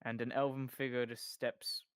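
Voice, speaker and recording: A man's voice: mid-range voice, little pitch movement, moderate pace, clean tone, dry recording, clean studio sound. A man narrating as game master in a tabletop game, with wry, joking asides.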